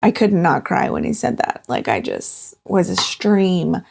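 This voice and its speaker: A woman in her thirties, a guest in an interview, talking in a halting, heartfelt way with many fillers. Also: lowish voice, very animated, vocal fry, a little mellow, breathy edge. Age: 30s. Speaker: guest sharing her cancer journey. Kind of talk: candid personal interview.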